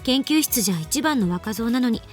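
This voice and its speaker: A woman's voice: a little high, animated, soft background music, close to an everyday voice. A woman voicing a proud young genius girl. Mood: confident. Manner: brisk and self-assured. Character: brilliant, proud young female scientist. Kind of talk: anime game voice acting.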